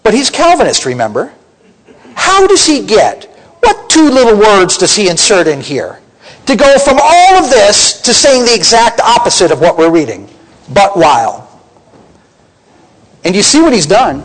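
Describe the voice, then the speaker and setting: A man's voice: high-pitched, huge pitch swings, moderate pace, rough recording. A man teaching from the Bible as a preacher, emphatic and full of rhetorical questions to his listeners.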